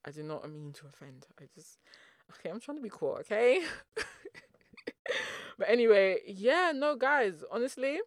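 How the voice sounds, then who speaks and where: An energetic, bubbly man from Nigeria talks straight into a dry, close mic, hosting a solo motivational podcast. His voice sits a little high for a man. He jumps between playful slang and earnest pep talk. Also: moderate pace, long pauses, no echo. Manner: slangy, calls listeners "boo boo". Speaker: podcast host.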